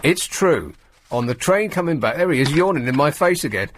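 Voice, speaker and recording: A man's voice: on the high side, lively intonation, fairly quick, a bit bright. A man hosting a talk radio show, grumbling and mocking in a sardonic monologue from a studio mic. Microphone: studio microphone.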